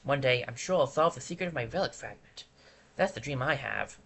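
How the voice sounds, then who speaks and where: A streamer voicing a shy, eager young penguin explorer while reading game dialogue aloud, with an earnest, soft manner. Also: medium pitch, expressive, brisk, creaky, slight background noise, voice pushed down. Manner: earnest, soft, a bit timid.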